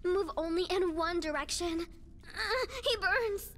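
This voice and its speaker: A woman's voice: very high voice, measured pace, background noise. A woman voicing an eerie young girl who guides the player with cryptic warnings in a horror video game. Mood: urgent.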